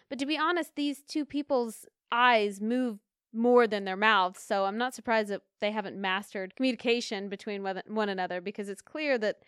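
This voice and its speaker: Chatty, high-voiced woman. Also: smooth, no echo, studio quality. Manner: chatty, animated and opinionated, slips into rants. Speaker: podcast co-host. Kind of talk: casual chat about a period drama.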